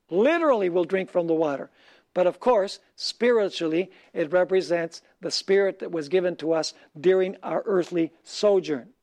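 High-voiced preacher quizzing his congregation. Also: a little mellow. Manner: asks the audience questions and pauses for them to answer; reads scripture slowly. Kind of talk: sermon.

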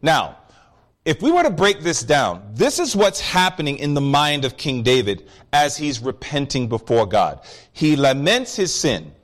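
A man with a fairly high voice preaches at a measured pace, breaking down a psalm and telling stories with animation. He addresses the congregation directly with questions.

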